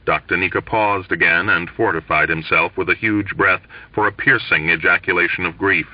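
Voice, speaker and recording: A man reading a novel aloud as an audiobook, telling the story in an expressive, lively way. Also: low voice, normal speed, hardly any pauses, dry recording. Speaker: audiobook reader. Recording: dull lo-fi dry recording.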